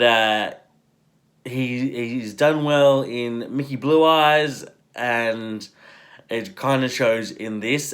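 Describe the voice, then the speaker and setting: A man hosts a relaxed film review, chatty and keen. He talks slowly, with frequent halting pauses, at a middle pitch. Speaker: movie reviewer host. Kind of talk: casual video review.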